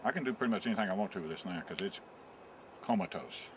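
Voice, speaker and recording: Outdoors on a forest trail, a man with a low voice narrates a tongue-in-cheek nature tour in deadpan, jokey guide style. He talks fast and animatedly, with background noise behind him.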